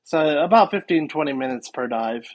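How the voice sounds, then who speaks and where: A man's voice: a little high, expressive, normal speed. A man, a guest paranormal investigator, chatting casually on a podcast and rambling with many fillers.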